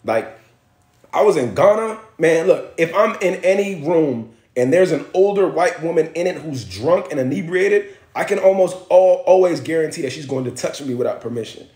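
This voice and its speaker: A man's voice: a little high, moderate pace. Blunt, profane young man from Miami. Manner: blunt, profane, animated storyteller. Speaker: livestream host. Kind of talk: casual livestream storytelling. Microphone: phone livestream. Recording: roomy echo.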